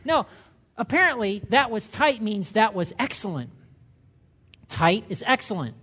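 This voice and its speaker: An older man preaching a sermon, animated, acting out the voices of the people he quotes. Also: high-pitched, a little slow, breathy edge. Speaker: pastor.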